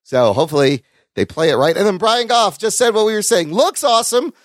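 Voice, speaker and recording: A man co-hosts a podcast in loose, profane banter. His voice sits a bit high and swings widely in pitch. The sound is dry and close to the mic. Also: fairly quick, no room sound. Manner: animated, profane banter, reads listener comments. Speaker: podcast co-host. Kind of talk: casual chat.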